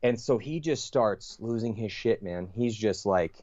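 A podcast guest with a fairly low man's voice tells a long story in a loose, rambling way. He swears freely and fills the gaps with "like" and "you know". The sound is dry and a bit dull, as from a lo-fi recording. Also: expressive, measured pace, a little mellow, dry recording. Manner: profane, rambling, lots of fillers and restarts. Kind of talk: casual storytelling.

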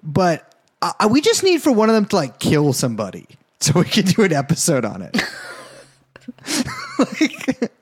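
A man's voice: high voice, huge pitch swings, moderate pace, pauses often, husky. Crude, joking male podcast co-host. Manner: crude, joking, swears a lot. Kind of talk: casual podcast chat.

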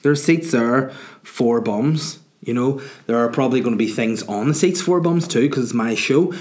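A man's voice: mid-range voice, moderate pace, darkish tone. A man talks through his podcast in a loose, casual monologue. He rambles and mocks himself, with plenty of fillers and restarts. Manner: rambling and self-mocking, with many fillers. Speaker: podcast host and comedian.

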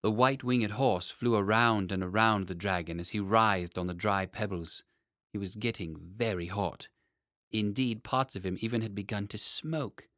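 A man narrating a children's storybook in a measured, expressive reading. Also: lowish voice, no echo, studio quality.

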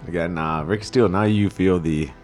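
A man as dungeon master, describing scenes casually with halting, laughing table talk. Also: deep voice, a little mellow, faint music behind.

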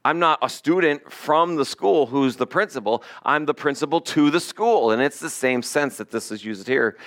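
A pastor preaching a sermon in a conversational, animated way, with asides to the congregation. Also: male voice, medium pitch, normal speed, few pauses.

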